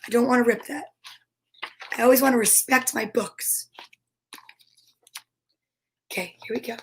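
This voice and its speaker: A woman's voice: fairly high pitch, steady tone, a little slow, slight background noise. A woman hosting a children's storytime, chatting and reading a picture book aloud in a bubbly, friendly way. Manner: bubbly and chatty, talks straight to young listeners.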